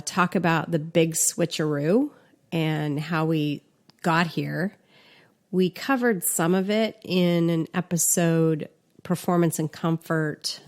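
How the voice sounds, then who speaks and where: A woman co-hosting a podcast, talking in a relaxed, conversational way with fillers and restarts. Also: on the low side. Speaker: podcast co-host. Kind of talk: casual podcast chat.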